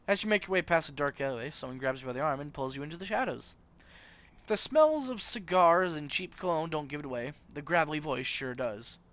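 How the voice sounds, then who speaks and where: A man hosting a game let's play, reading its narration aloud with lively swings between loud and quiet. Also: a little high, fairly quick. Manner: animated reading with big swings in loudness.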